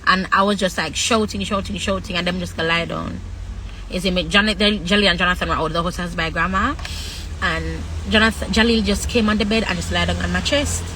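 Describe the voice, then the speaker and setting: A woman speaking frankly on a livestream, halting often with long pauses as she talks about her own life. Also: on the low side, fairly even intonation, pushed and bright, slight background noise, poor audio. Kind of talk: candid personal talk.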